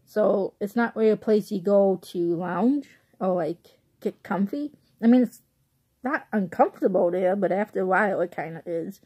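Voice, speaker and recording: This vlogger's voice is mid-range and warm with a breathy edge, and she speaks at a moderate pace. A young woman from the Chicago suburbs of Illinois, she rambles through a casual movie review on her phone, laughing frequently.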